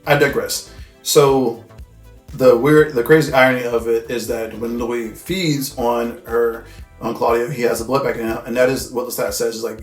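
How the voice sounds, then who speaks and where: A man's voice: mid-range voice, steady tone, normal speed. A man recapping and reviewing a film in loose, casual talk, full of slang and swearing. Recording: echoey room with faint music.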